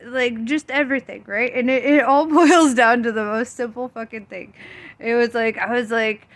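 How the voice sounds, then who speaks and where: A woman's voice: a little high, steady tone, moderate pace. A young woman talking casually to her camera, rambling, giggling often and swearing freely. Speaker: tarot vlogger.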